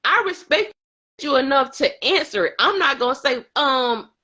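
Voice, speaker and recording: A woman co-hosting a casual aftershow chat, animated and emphatic, who often laughs mid-sentence. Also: high-pitched, normal speed, dull audio. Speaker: co-host.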